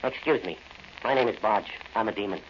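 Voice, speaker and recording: A man's voice: lowish voice, a little fast, lightly acted. An actor playing a mischievous male demon who taunts and wheedles, in old-time radio drama style, on a dull lo-fi recording with faint hiss. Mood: eager.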